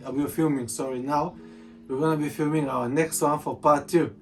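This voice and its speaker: A man's voice: on the high side, steady tone, moderate pace, creaky. A man chatting casually as a vlogger about being a partner, joking and repeating his words. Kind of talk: casual chat. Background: soft guitar music.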